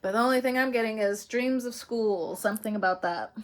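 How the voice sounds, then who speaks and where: A woman's voice: fairly high pitch, a little fast, slight background noise. Laughing, chatty woman reading astrology. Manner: chatty, laughs often between phrases, swears casually. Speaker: astrology reader. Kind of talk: casual spiritual reading to camera.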